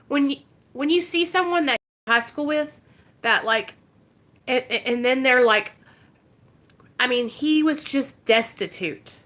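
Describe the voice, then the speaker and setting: A woman's voice: sits high, unhurried, pauses often, a bit bright. A woman from Arkansas telling an emotional story on her recovery vlog and talking straight to her viewers. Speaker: recovery vlogger.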